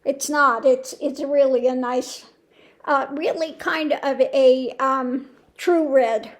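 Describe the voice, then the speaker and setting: A woman's voice: sits high, steady tone, takes it slowly. A woman hosting her own channel, chatting casually at home in a rambling way, with many restarts and exclamations of disbelief. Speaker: tarot channel host. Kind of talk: casual chat to camera.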